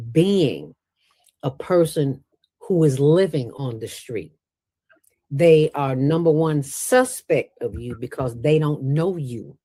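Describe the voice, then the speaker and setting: This woman's voice rumbles low with a slightly mellow quality, captured in a dry recording. She founded a nonprofit and appears as a guest in a casual storytelling interview. Her stories come out colloquial and emphatic, full of quoted dialogue.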